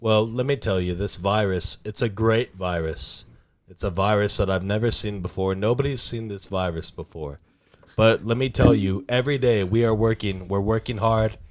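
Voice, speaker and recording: A man's voice: on the low side, moderate pace, close to an everyday voice. A man doing an impression of a boastful male president who speaks in repetitive superlatives.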